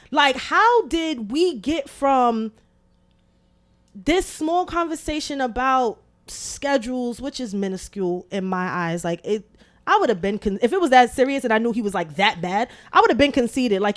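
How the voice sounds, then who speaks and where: A woman hosting a podcast, telling a story in casual, animated chat full of swearing. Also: high voice, moderate pace. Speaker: podcast host.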